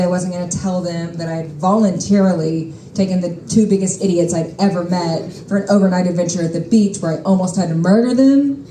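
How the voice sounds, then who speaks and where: A woman's voice: fairly low pitch, mellow, reverberant, a little hiss or hum, low-quality recording. Wry, exasperated woman telling a story. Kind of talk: live personal storytelling. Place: stage at a live storytelling show.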